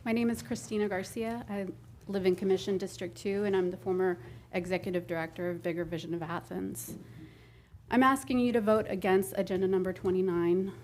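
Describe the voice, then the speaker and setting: A woman's voice: mid-range voice, steady tone, brisk, a little mellow, a little hiss or hum. Formal woman addressing a council. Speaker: former nonprofit director. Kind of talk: prepared public comment.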